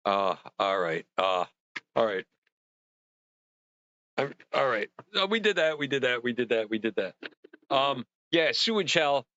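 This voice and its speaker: Bright-voiced middle-aged man ranting. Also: medium pitch, a little slow, pauses often, no echo, highs cut off. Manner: animated storyteller, swears and acts out his own rants. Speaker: livestream host. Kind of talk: casual ranting chat.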